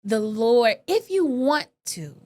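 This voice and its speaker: A woman speaking candidly as an interview guest, her voice sitting a little high. She is expressive and animated, using casual slang and acting out quotes with sudden rises. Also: slow. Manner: casual slang, emotional and open.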